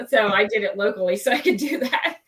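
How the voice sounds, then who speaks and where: A woman's voice: mid-range voice, expressive, brisk, fairly bright tone. A woman guest on a podcast, chatting casually and laughing often. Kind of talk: casual chat. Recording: distant from the mic.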